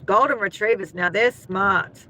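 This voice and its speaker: Chatty Australian woman, slow and bright. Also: mid-range voice, rough recording. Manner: chatty, laughs often, talks to viewers by name. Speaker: livestream host. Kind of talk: casual chat with viewers.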